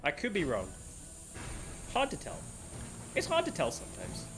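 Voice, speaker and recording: A man's voice: a little high, huge pitch swings, moderate pace, background noise. A man chatting live while streaming a game, rambling playfully and laughing at himself. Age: adult. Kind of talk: live gameplay chat. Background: game music.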